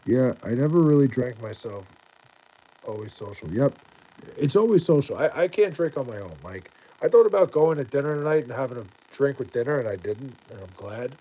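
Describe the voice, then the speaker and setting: A man's voice: mid-range voice, lively intonation, brisk, dark tone, low-quality recording. A man livestreaming late at night, chatting with viewers in a rambling, tired way full of fillers and restarts. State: tired, near bedtime. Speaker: livestreamer reading chat.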